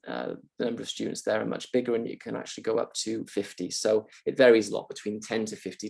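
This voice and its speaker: A man's voice: fairly low pitch, gravelly, a little mellow. A male university lecturer answering questions in a live online session, thoughtful and hesitant with many ums and uhs, speaking on a video call.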